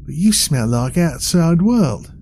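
A man's voice: a little high, expressive, takes it slowly, a little mellow, a little hiss or hum, voice pushed up. A man voicing a scheming, suspicious sailor in a brusque, everyday voice.

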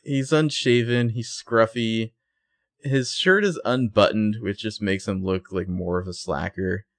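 A man co-hosting a casual recap chat, animated and sarcastic, jumping into high, loud voices when quoting characters. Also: a little slow, no echo. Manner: profane and sarcastic. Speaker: podcast co-host.

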